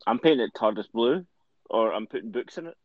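A man's voice: mid-range voice, expressive, brisk, dry recording. Easygoing Dundee man, lo-fi. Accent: Dundee Scottish. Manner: easygoing, jokey, swears. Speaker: podcast co-host. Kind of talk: casual chat. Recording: dull lo-fi sound.

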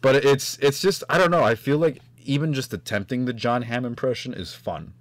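A man's voice: mid-range voice, a little fast, dry recording. A man co-hosting a podcast, rambling and joking in casual chat with plenty of swearing. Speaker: podcast co-host.

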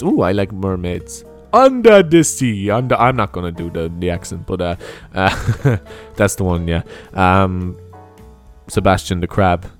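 A young man hosting a video, reading online questions aloud and commenting on them in a rambling, sweary, giggly way. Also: medium pitch. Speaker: video host.

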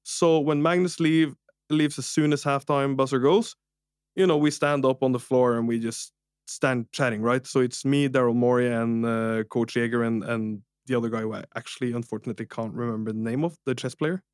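A man co-hosting a podcast, telling an anecdote in a lively, laughing way. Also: mid-range voice, a little fast, clean tone, no room sound, studio quality. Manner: animated, laughs through his own story. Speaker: podcast co-host. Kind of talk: casual podcast storytelling.

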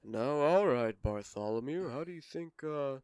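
A man's voice: mid-range voice, lively intonation, normal speed, darkish tone, clean tone, dry recording, pitched below the performer's own voice, close to an everyday voice. A man playing a scheming Santa Claus in an improvised comedy role-play, delivering rambling, mock-grand speeches. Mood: admiring. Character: scheming male Santa Claus leading a revenge mission.

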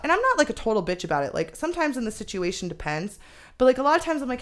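A young woman guest on a podcast, telling a story in candid, animated casual chat with frequent swearing. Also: fairly high pitch, rapid-fire.

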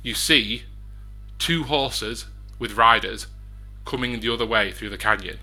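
A man narrating a tabletop western role-playing game as game master, chatty and quick to laugh. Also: mid-range voice, bright, forceful tone, soft background music. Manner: chatty, laughing, restarts often.

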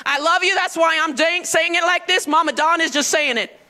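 Woman pastor, very high and sharply bright voice, emphatic call-and-response sermon in church. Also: brisk. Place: church sanctuary.

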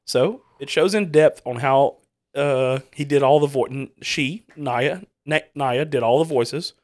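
A man's voice: mid-range voice, unhurried, a little mellow. A man hosting a podcast, telling a story in a loose, rambling way with many restarts. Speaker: podcast host. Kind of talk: casual chat.

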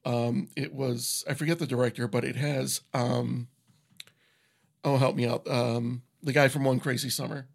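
In a recording studio, a man co-hosts a casual podcast chat, speaking loosely with plenty of filler words and frequent laughter. His mid-range voice is gravelly, with a flat delivery at a moderate pace.

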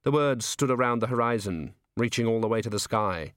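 A man reading a novel aloud in a measured, even narration. His pitch sits in the middle range. The recording is close and dry with no room sound. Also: no room sound. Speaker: audiobook narrator. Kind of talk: scripted narration. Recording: dry close studio read.

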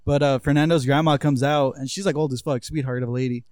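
Fast-talking young man, profane storytelling. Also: mid-range voice, fairly even intonation, darkish tone, no echo, studio quality. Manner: fast, profane, acts out voices in quotes. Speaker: podcast co-host. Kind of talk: casual storytelling chat.

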